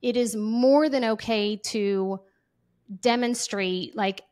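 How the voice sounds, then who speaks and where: Animated woman giving parenting advice. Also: fairly high pitch, slow pace. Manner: animated, acts out kids' and parents' voices. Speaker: parenting guest. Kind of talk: casual conversational advice.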